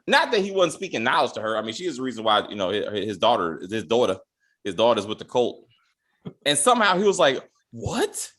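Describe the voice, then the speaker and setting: A man's voice: sits high, fairly bright tone. A young man co-hosting a casual recap chat, ranting with profanity and acting out mock quotes. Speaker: podcast co-host.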